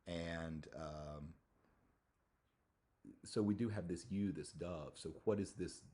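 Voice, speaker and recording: A male university lecturer giving a thoughtful academic talk on poetry, often pausing and restarting his phrases. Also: sits low, warm tone. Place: lecture hall.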